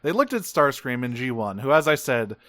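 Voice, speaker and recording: Relaxed, rambling male podcast host. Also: mid-range voice, a little fast, dry recording. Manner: relaxed, rambling, swears casually. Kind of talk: casual chat recapping a cartoon.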